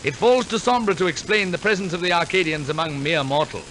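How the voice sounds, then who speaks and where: A man's voice: fairly high pitch, fairly quick, a bit bright, a little hiss or hum, low-quality recording. A man announcing and narrating a 1940s radio musical, telling the story theatrically with wry asides. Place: radio studio.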